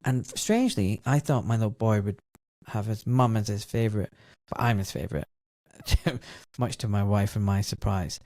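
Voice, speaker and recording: A man's voice: fairly low pitch, animated, moderate pace, few pauses, a little mellow, no room sound, clean studio sound. A middle-aged man hosting a podcast, telling a personal story in an emotional, reflective way. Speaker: podcast host. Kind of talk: conversational interview.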